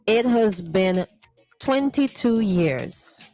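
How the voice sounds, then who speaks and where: A woman's voice: mid-range voice, lively intonation, extremely slow, warm tone, faint music behind. A woman hosting a morning radio show, playfully reading listener messages and teasing them. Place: radio studio.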